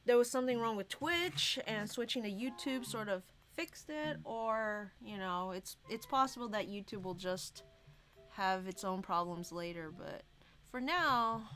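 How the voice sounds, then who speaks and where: A sleepy woman rambles through a drawing live stream in a soft, unhurried voice, taking her time between thoughts. Her pitch sits in a middling range, and a little music plays faintly behind her. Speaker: artist livestreaming her drawing. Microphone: desk microphone.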